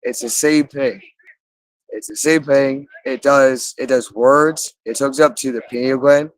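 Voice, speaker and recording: A man's voice: medium pitch, fairly even intonation, rough recording. Man in a rambling, repetitive monologue. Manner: rambling, repeats phrases over and over; halting, with frequent restarts.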